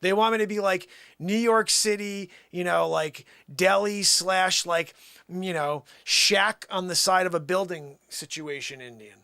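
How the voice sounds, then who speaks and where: Male livestream host, high voice, emphatic rambling chat, dry close-mic sound. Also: a little slow, clean tone, no echo. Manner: animated, emphatic, defensive, talks to chat. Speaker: livestream music show host. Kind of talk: rambling live-stream chat.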